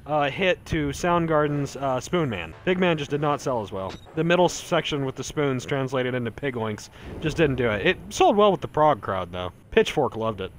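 A man's voice: mid-range voice, lively intonation, normal speed, noisy background. A man streaming horror gameplay while tipsy and out of breath, swearing, yelping at scares and cracking jokes between them. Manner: jumpy, yelps and swears, jokey asides. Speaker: gaming streamer. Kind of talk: live horror gameplay commentary.

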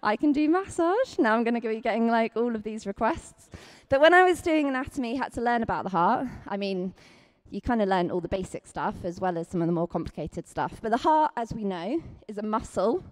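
A woman with a Scottish accent preaching a chatty, lively sermon, acting out quotes with big leaps in pitch. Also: a little fast, few pauses.

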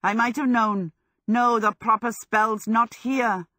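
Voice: mid-range voice, steady tone, slow pace, pushed and bright, no room sound, studio quality, pitched above the performer's own voice. A woman voicing a moody young male wizard who teases and scolds, in a storybook reading. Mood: exasperated.

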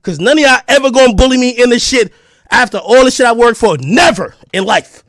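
A man streaming an angry, profane rant, confrontational and breaking into shouts. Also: very high-pitched, animated, fairly quick, no echo, studio quality.

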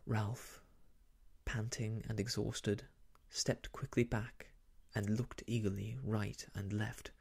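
A man reading an old novel aloud as soft ASMR narration, hushed and half-whispered, close to the microphone. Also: lowish voice, little pitch movement, slow, vocal fry, breathy edge. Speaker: storyteller.

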